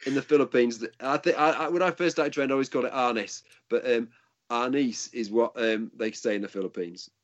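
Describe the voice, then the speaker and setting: A man's voice: mid-range voice, quick pace, few pauses, highs cut off. An older man and martial arts instructor answering interview questions in a casual, rambling way with frequent restarts.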